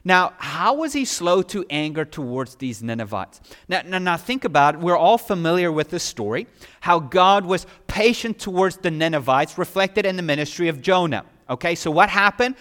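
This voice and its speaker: Male preacher, sermon, high voice, emphatic, rhetorical questions, long hall reverb. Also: lively intonation, unhurried. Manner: emphatic, with rhetorical questions and strong swings in loudness.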